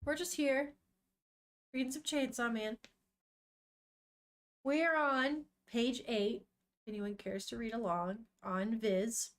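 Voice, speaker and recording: A young woman's voice, pitched a little high, in relaxed live-stream chatter. She talks straight to her viewers, swears offhandedly, and breaks off her reading to share her thoughts on the story. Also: slow, long pauses. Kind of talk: casual live-stream chat and read-along.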